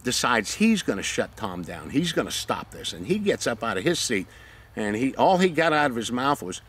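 A retired Navy SEAL casually tells war-buddy stories, swearing a lot and acting out the scenes with animated energy. His mid-range voice carries a breathy edge, and he speaks at a moderate pace.

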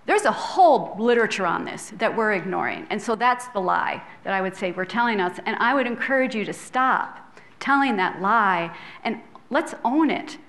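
A middle-aged woman, a public health professor, lectures earnestly and conversationally in a filmed hall, checking in with her audience through tag questions. Her voice is medium-pitched and a bit bright, at a moderate pace, and she becomes tearful at times.

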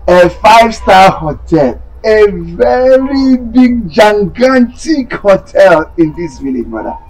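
A man's voice: big pitch swings, slow pace, faint music behind, full character voice, poor audio. A man with a Nigerian accent playing a greedy younger brother who keeps pleading for his elder brother's land. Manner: wheedling, repeats "brother" with sharp pitch swings. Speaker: scheming younger brother, chief.

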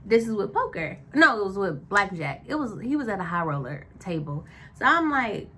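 A woman's voice: medium pitch, big pitch swings, moderate pace, few pauses, bright, forceful tone, breathy edge. A woman vlogger telling a casual storytime, rambling and chatty with lots of likes and self-corrections.

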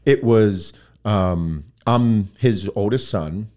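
A man's voice: on the low side, takes it slowly, dark tone. A man as a podcast guest, animatedly telling profane stories about his working past and laughing along. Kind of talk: casual storytelling interview.

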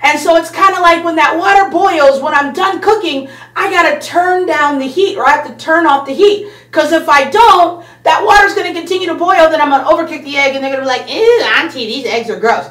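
A woman's voice: very high-pitched, fairly quick, few pauses, fairly bright tone, roomy sound, far from the mic. A woman hosting a Bible lesson for kids, upbeat and conversational, using everyday examples. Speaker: children's church host.

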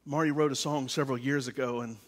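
Impassioned pastor preaching in an echoing church. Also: male voice, medium pitch, fairly even intonation, fast. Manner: swings from quiet confiding to loud impassioned preaching. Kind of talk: sermon. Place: church sanctuary. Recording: long reverb of a church hall.

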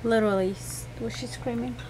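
A vlogger mom, tired and unwell, chats rambling and casually to her viewers at home at night about her sick baby. Her voice is fairly high and somewhat dark, with a steady tone and brisk delivery, on a low-quality recording with slight background noise.

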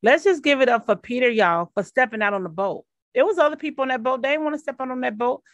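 A woman teaching a class, lively and interactive, calling out to her listeners and voicing people's doubts. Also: high voice, quick pace, dry recording, dull audio. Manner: lively, call-and-response, quotes people's inner voices. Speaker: Bible study teacher.

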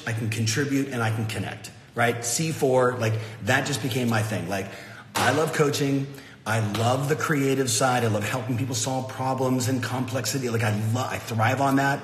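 A middle-aged man tells a motivational story in a loose, animated way, leaning on fillers as he goes. His voice sits at a middle pitch. It rings with a long, roomy reverb over faint ambience. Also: fairly quick, slight background noise. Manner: animated, frequent fillers like "like" and "you know". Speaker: host.

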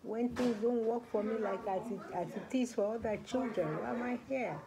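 A woman's voice: fairly high pitch, brisk, creaky, crowd noise, poor audio. A young woman playing a hopeless fourteen-year-old girl in a group home, bitter and pleading, in a student role-play scene. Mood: distraught. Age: young adult.

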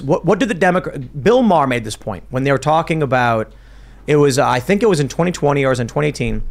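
A man hosting a political talk show, talking in a casual, rambling way with many restarts. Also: mid-range voice. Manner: animated, rambling with restarts, mimics accents. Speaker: podcast host.

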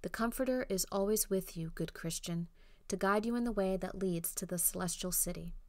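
A woman voicing the interpreter, a wise male guide, speaking softly and in a measured, instructive way. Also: mid-range voice, dry recording, studio quality, natural voice. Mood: gentle. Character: calm wise male guide teaching a pilgrim.

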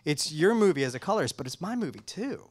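A man's voice: on the high side, very animated, quick pace. A man speaking as a color scientist guest in a casual technical interview, enthusiastic and full of restarts and fillers.

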